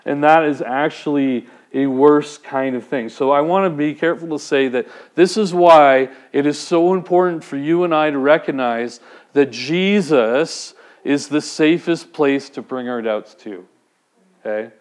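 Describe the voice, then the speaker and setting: A man's voice: fairly high pitch, unhurried. A man preaching a sermon, speaking conversationally and putting direct questions to the congregation. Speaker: pastor.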